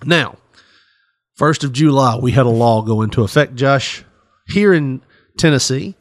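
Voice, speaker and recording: A man's voice: mid-range voice, a little slow, no room sound, clean studio sound. A man co-hosting a podcast, talking in rambling, profane casual chat and laughing often. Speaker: podcast co-host.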